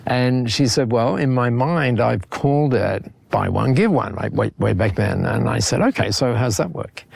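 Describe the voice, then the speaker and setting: An older Australian man with a gravelly, creaky voice tells stories on a podcast. He is animated, stumbles over repeated words and laughs between his points. The sound is dry and close, with no room around it. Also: mid-range voice, normal speed, dry recording. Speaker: guest. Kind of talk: conversational podcast storytelling.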